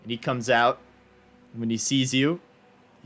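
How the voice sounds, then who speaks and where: A man's voice: mid-range voice, fairly even intonation, normal speed, long pauses, fairly bright tone, soft background music. A man narrating as game master of a tabletop game, describing scenes in a loose, searching way.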